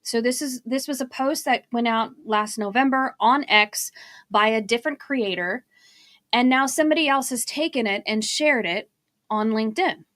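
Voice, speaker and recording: A woman's voice: a little high, normal speed, fairly bright tone, dry recording, clean studio sound. A woman from Arizona co-hosting a marketing livestream, chatty and laughing as she drifts into tangents. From Arizona, USA. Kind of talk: casual live-stream chat.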